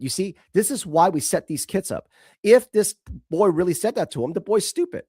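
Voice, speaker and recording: A man's voice: high-pitched, animated, normal speed, dark tone, breathy edge, no echo, studio quality. A man hosting an opinionated commentary show, talking bluntly and emphatically and swearing freely. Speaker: show host.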